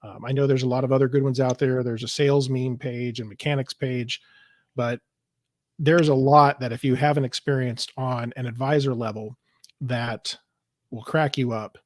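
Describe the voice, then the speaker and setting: Recording from indoors on a trip over a video call, this male podcast host talks in a steady, slightly mellow mid-range voice at normal speed, with no echo. His casual show chat is loose and rambling, sprinkled with fillers and easy laughter.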